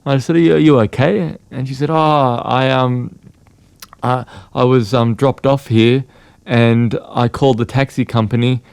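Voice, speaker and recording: A man co-hosting a relaxed podcast chat, quick to laugh and to agree. He has an average male pitch and is recorded close and dry. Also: clear, resonant tone, dry recording. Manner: laughs often, chimes in with short agreeing replies. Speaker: podcast co-host. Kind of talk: casual conversation.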